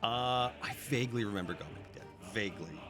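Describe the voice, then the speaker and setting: A man's voice: lowish voice, quick pace. A man giving chatty live commentary while he plays a strategy game and talks to his chat. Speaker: streamer. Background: background music.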